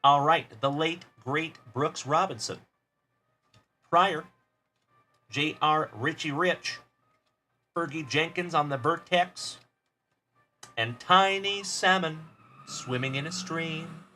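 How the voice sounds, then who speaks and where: Opening cards on a livestream, a cheerful, friendly host greets people in chat by name as he goes. He has a slightly high, sharp-toned voice, talks slowly and pauses often, and faint music plays behind him.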